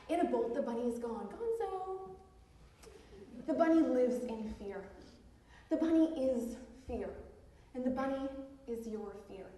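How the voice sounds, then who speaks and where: An actress playing a brash, pushy self-help author on a theatre stage, talking with giggly, nervous laughs. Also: female voice, high-pitched, dark tone. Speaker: self-help author giving a book talk. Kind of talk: live stage theatre monologue. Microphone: far room mic in the audience. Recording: echoey, distant theatre hall recording.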